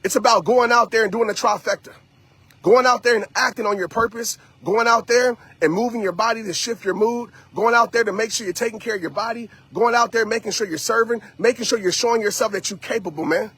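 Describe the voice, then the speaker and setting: Husky high-voiced man preaching accountability. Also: quick pace, a bit bright. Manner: preachy, repetitive, addresses audience directly. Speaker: motivational speaker. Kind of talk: motivational live-stream talk.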